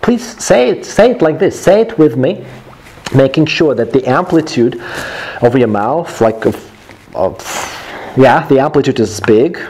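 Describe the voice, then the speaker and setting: Man, english pronunciation teacher, slow repetitive drilling, medium pitch. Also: expressive, a little mellow, slightly rough. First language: Russian. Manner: repeats phrases slowly for students to copy.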